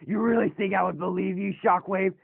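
A man's voice: high-pitched, fairly even intonation, fairly quick, vocal fry, husky, no room sound, full character voice. A man voicing a giant, ancient male robot god in a fan robot drama, sounding bewildered and grumpy. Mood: irritable. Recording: tinny lo-fi phone-like recording.

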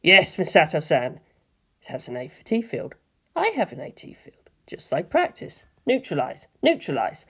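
A man's voice: on the high side, normal speed, few pauses, pushed and bright, husky, heavily acted. A man voicing a frightened teenage boy pilot, shaky and pleading. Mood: nervous hush.

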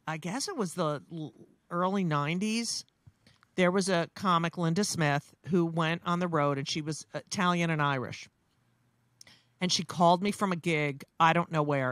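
A woman's voice: sits low, a bit bright, no room sound. A woman, a comedian talking bluntly and profanely in casual chat, with many restarts. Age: 60s. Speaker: comedian guest.

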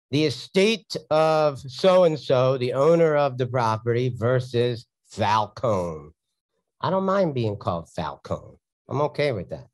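A man's voice: medium pitch, no room sound. A man, a real estate investor telling a story in a blunt, sarcastic, casual teaching talk.

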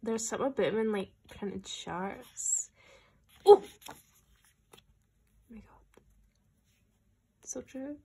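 Unboxing an album at home, this young vlogger is gushing and excitable, frequently slipping into a whisper and talking to her pets. She speaks slowly with a fairly high, gravelly, slightly rough voice, pausing often.

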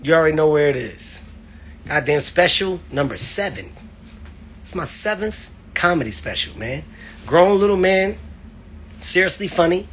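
A man, a comedian, streaming live from his home on his phone, loud and playful, swearing constantly and laughing between his lines. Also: on the high side, lively intonation, normal speed, long pauses, a little hiss or hum. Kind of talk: hyped, profane live-stream rant.

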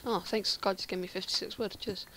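A woman's voice: mid-range voice, fairly even intonation, fairly quick, fairly bright tone, a little hiss or hum. An English woman giving casual commentary while playing Minecraft, chatty and often muttering half-whispered asides to herself. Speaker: Minecraft player.

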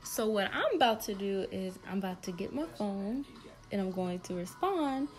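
A young woman, chatting excitedly in a casual vlog from home. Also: medium pitch, normal speed. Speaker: vlogger.

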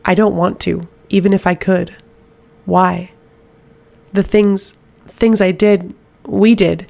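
A woman reading an audiobook, voicing a broken, possessed man who pleads in a soft, empty voice and gasps his words. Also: mid-range voice, level tone, slow pace, vocal fry. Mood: desperate. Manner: pleading, gasping.

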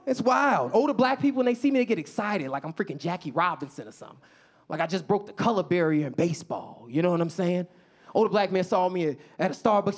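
Young man, stand-up comedian, from Chicago, high voice, bouncy delivery, funny character voices. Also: expressive, quick pace. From south side of Chicago. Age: young adult. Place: comedy club stage before a live audience.

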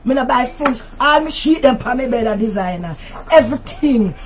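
An older woman with a Jamaican accent, hosting a livestream rant in which she scolds and insults someone over and over, sometimes shouting. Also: on the high side, animated, brisk. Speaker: talk show host.

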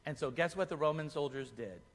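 A man leading a children's Easter play, narrating the story and directing the kids in a playful, animated way. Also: on the high side, fairly quick. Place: church hall. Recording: echoey church hall.

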